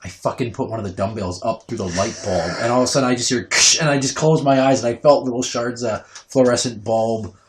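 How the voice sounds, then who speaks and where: A man in his thirties, a podcast host, telling profane, animated stories about his kids in casual chat. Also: mid-range voice, quick pace, few pauses, slight background noise. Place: home basement. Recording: roomy echo.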